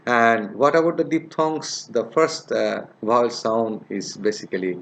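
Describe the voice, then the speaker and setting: Give me a male lecturer who talks slowly and repeats each example sound. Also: mid-range voice, creaky. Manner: slow and repetitive, repeats example sounds and words many times; hesitant, many "uh" fillers. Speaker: linguistics teacher. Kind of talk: recorded lecture.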